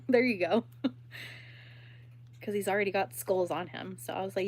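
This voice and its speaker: Casting: young woman, giggly livestream host chatting while crocheting, mid pitch. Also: fairly even intonation, measured pace, long pauses, pushed and bright. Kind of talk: casual livestream chat.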